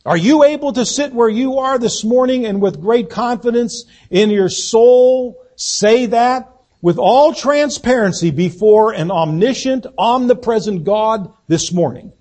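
A man preaching a sermon as pastor, swelling to emphatic lines and then dropping to quiet asides. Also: very high voice, a little slow. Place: church sanctuary.

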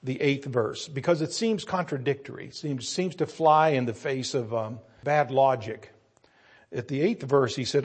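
A man preaching a sermon, acting out a story in different voices and building to loud, emphatic peaks. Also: mid-range voice, normal speed, husky.

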